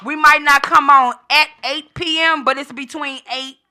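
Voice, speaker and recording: A woman's voice: high-pitched, fairly even intonation, moderate pace, pushed and bright. A woman co-hosting a live call-in show in casual chat, playful and teasing, laughing often. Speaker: co-host.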